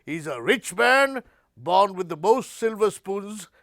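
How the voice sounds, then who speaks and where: Male comic guest, heavy gravel in the voice, dry one-liner delivery. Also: high-pitched, big pitch swings, slow pace, fairly bright tone, dry recording. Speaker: comic guest playing an English lord.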